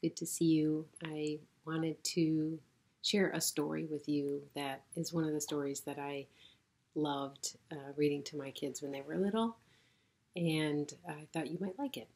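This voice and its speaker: A middle-aged woman pastor reading a children's story aloud in a gentle storytelling manner. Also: deep voice, steady tone. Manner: gentle, slow, warm storytelling.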